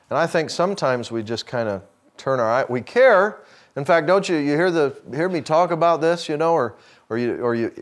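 A middle-aged man, preaching in a folksy, storytelling way and acting out dialogue, dropping to a hush for quoted lines. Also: medium pitch. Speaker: speaker addressing a men's gathering. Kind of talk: sermon with personal story.

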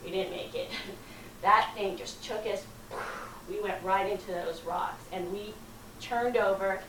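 A woman telling a personal story to an audience in a dramatic, lively way, acting out the people in it. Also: medium pitch, unhurried. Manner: dramatic, lively retelling with acted quotes. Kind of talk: animated storytelling talk. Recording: roomy, from far off, faint noise.

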